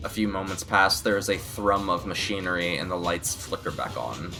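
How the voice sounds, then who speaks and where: A man's voice: deep voice, normal speed, over music. A man narrating a tabletop game as game master, describing scenes vividly with some fillers.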